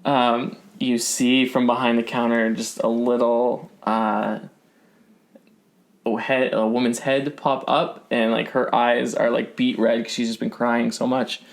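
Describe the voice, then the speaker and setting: A man narrating a tabletop game as game master, halting and thinking aloud as he goes. His voice sits in an ordinary middle pitch. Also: level tone, vocal fry. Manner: hesitant, many ums and restarts.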